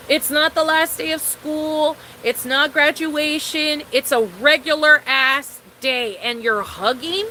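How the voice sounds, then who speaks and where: A woman's voice: sits high, unhurried, pushed and bright, slight background noise, rough recording. A young woman vlogger ranting in a casual storytime, exasperated and incredulous, swearing freely and laughing often.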